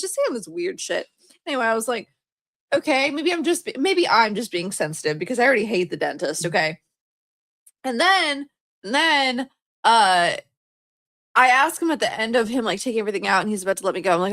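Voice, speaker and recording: Young woman podcast co-host, casual rambling storyteller, laughs often, slightly high voice. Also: very animated, brisk, a bit bright, no room sound, studio quality. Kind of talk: casual chat.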